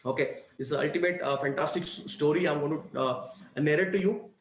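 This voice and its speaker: A man's voice: fairly high pitch, fast, echoey room, poor audio. A man with an Indian English accent giving a preachy motivational speech, telling stories and repeating his points to the crowd. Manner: preachy, repetitive, addresses crowd as ladies and gentlemen. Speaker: motivational speaker.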